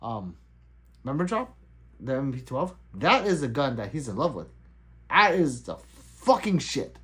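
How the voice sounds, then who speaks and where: A man's voice: medium pitch, sing-song, moderate pace, a bit bright, breathy edge. A middle-aged man hosting a casual livestream, laughing easily and answering his chat as it comes in. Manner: loose, laughing, chatty, reading out chat. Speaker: livestream host.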